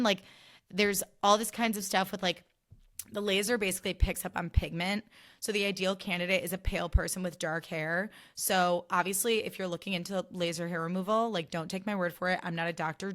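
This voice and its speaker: A woman's voice: lowish voice, a bit bright. A woman hosting a casual solo podcast, chatting in a loose, filler-heavy way with sarcastic asides. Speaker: podcast host.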